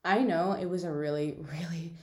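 A woman's voice: lowish voice, steady tone, moderate pace, darkish tone. Chatty young woman podcasting in echoey room. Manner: chatty, filler-heavy, giggly storytelling. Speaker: podcast host. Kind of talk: casual solo podcast chat.

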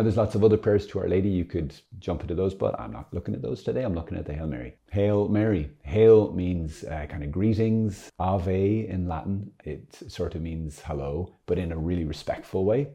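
A man's voice: low voice, moderate pace, hardly any pauses, warm tone. A man giving a casual Catholic teaching talk, chatty and playful, often laughing and correcting himself as he goes. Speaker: Catholic religious speaker.

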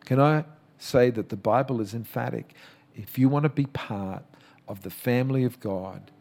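A man's voice: mid-range voice, big pitch swings, moderate pace, a little mellow, soft background music. A man who is a pastor, preaching a sermon with emphatic, passionate calls and chatty storytelling full of restarts. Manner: conversational storytelling with repeated restarts.

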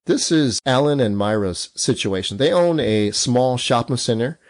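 A man's voice: mid-range voice, lively intonation, normal speed, no room sound. A man hosting an instructive podcast as a real estate coach, punching out numbered points and putting questions to his listeners.

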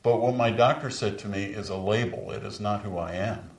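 A man in his sixties preaching a sermon as pastor, telling stories and lifting his voice for emphasis. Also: brisk. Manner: storytelling preacher, rises in pitch for emphasis. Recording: echoey room, voice from far off.

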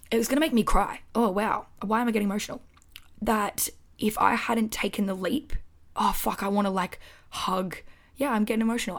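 A woman in her twenties with an Australian accent, talking candidly and expressively alone on her podcast, swearing freely, recorded on a microphone at home. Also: medium pitch. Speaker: podcast host. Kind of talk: casual solo podcast monologue. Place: her house.

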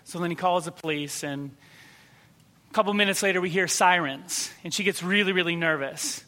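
A man preaching a sermon, telling a story and acting out the people in it, dropping to a soft, quiet voice for tender moments. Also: high-pitched, a little fast. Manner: storytelling, acts out quoted voices. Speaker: pastor.

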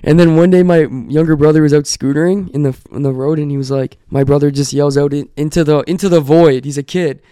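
A man's voice: a little high, fairly even intonation, quick pace, hardly any pauses, dark tone, smooth, no room sound, clean studio sound. Profane Canadian man telling stories. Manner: profane storyteller, acts out neighbors' lines. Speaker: podcast co-host. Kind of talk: casual chat.

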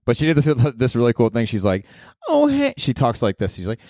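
A man's voice: medium pitch, quick pace, a little mellow, no echo, studio quality. A man in his thirties hosting a solo podcast, telling rambling, profane stories and chuckling. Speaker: podcast host. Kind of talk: casual solo podcast monologue.

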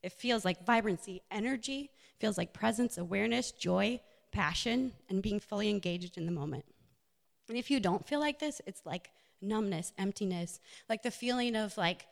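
In an echoey hall, a woman who works as a nurse and wellness coach presents a personal motivational talk with slides. Her mid-range voice is expressive and a bit creaky, at normal speed, and she sounds earnest, with plenty of fillers.

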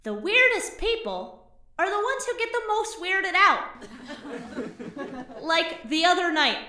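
High, lively, bright, woman playing a rambling oddball comic, roomy, off-mic. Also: normal speed, far from the mic, heavily acted. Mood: amused. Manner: rambling, giggly, puts on voices in anecdotes. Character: quirky vent-dwelling comedian, chatty and odd. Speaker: stand-up comic and co-host. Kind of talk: audio drama stand-up monologue.

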